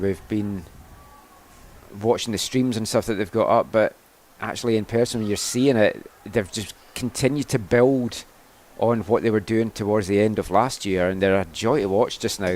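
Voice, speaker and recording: A man's voice: on the low side, normal speed, darkish tone. Chatty male football color commentator. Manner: chatty analysis with restarts and "I mean". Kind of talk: live football analysis.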